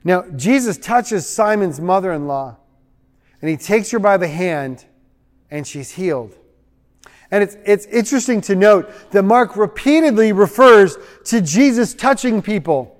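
A man pastor preaching a sermon, animated, acting out the voices he quotes. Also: high voice, a little slow, in a large hall.

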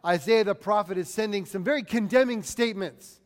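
A preacher with a high, light voice delivers a fairly quick sermon, shifting from quiet reflection to loud, declaiming scripture readings. He acts out the people he quotes, and a long reverb suggests a large hall.

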